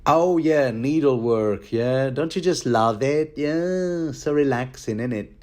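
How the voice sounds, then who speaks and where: A man's voice: medium pitch, slow, darkish tone, pitched above the performer's own voice, lightly acted. A man voicing a prim, chiding middle-aged noblewoman in an arch, raised voice.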